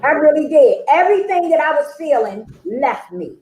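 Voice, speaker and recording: A woman's voice: sits high, very animated, moderate pace, darkish tone, echoey room, slight background noise, poor audio. A woman sharing her personal recovery story at a meeting, chatty and conversational, acting out the dialogue she quotes and often checking in with "okay?" and "you know?".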